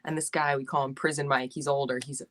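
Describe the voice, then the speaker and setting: A woman's voice: very deep voice, little pitch movement, fast talker. A woman guest on a podcast, chatting casually with brash, profane trash talk and frequent laughter. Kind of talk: casual chat.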